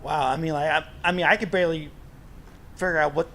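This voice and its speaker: A man with a somewhat high voice asks a convention guest questions in a loose, rambling way. He often restarts his sentences and stammers through them. A faint hiss of noise sits under his voice. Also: steady tone, fast talker, vocal fry, fairly bright tone. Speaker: panel interviewer. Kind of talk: casual fan questions.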